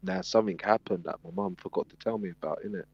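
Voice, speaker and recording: Male panel guest, low husky voice, lively storyteller, muffled lo-fi sound. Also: fast talker, no room sound. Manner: animated storyteller, acts out quotes. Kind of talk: casual storytelling. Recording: dull lo-fi sound.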